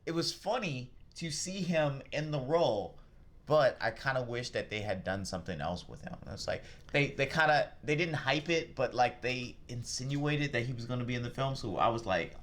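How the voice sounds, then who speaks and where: Animated man chatting about films. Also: medium pitch, moderate pace. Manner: animated, acts out quotes in lively voices. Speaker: podcast co-host. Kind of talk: casual film review chat.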